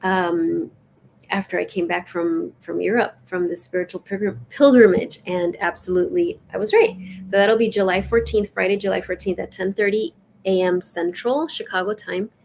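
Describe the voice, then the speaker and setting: Woman, casual live-stream host, lilting oracle card reading, chatty and expressive. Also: medium pitch, moderate pace, vocal fry, a little hiss or hum. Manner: warm, chatty, lilting and expressive, with soft laughs. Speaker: spiritual teacher hosting a live session.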